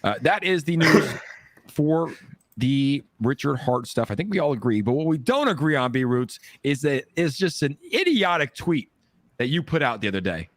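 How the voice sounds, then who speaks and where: A man's voice: fairly high pitch, big pitch swings, normal speed, no room sound. Opinionated man with a dry voice. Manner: talkative, opinionated, keeps asking "right?". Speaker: host. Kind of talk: casual livestream chat.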